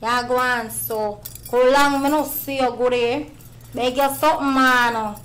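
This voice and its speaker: A woman's voice: high voice, fairly even intonation, measured pace, fairly bright tone, low-quality recording. A woman voicing a brash, teasing young downtown girl with a Jamaican accent.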